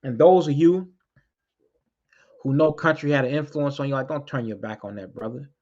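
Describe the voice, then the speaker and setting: A man's voice: medium pitch, moderate pace, a little mellow. Fiery preaching man, lo-fi recording. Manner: fiery, preaching, repeats key lines for emphasis; blunt, swears freely. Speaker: community activist addressing street groups. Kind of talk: impassioned spoken address. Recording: dull lo-fi recording.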